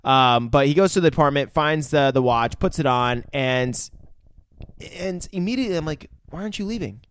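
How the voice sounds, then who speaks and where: A man co-hosting a podcast in casual chat, retelling a film with lots of swearing and acting out scenes with sudden loud bursts. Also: fairly high pitch, animated, normal speed, clean tone. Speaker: podcast co-host.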